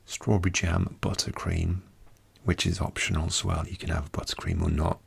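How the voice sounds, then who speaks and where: A man with a British accent, talking slowly and softly in soft-spoken ASMR, often slipping into whispers, close to the microphone. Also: low-pitched, flat delivery, vocal fry, husky. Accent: British English. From Britain. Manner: slow, soft speech drifting into whispers. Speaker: ASMR creator.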